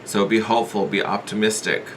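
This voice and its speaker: Man, fairly low voice, casual tarot reading, earnest, thinks out loud, faint background hiss. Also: flat delivery, fairly quick. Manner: thinks aloud with hedges and repeats, earnest and encouraging. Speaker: tarot reader.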